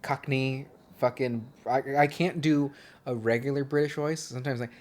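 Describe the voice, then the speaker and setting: A man's voice: medium pitch, fairly even intonation, moderate pace. A man in his thirties from Southern California, co-hosting a podcast in casual chat and joking with plenty of swearing and tangents. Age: 30s. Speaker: podcast co-host.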